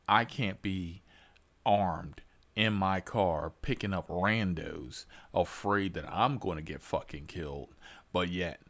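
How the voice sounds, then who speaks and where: A man's voice: low voice, fairly bright tone. A man telling a story to his followers as a heated, profane rant, full of emphasis and asides. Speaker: military veteran driver telling a story.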